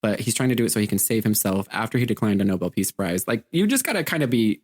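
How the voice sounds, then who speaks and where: A podcast co-host retelling a movie in a casual, jokey way. The pitch is lively and swings widely. The voice is somewhat husky. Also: fast. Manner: animated, jokey storytelling. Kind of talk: casual chat about a movie.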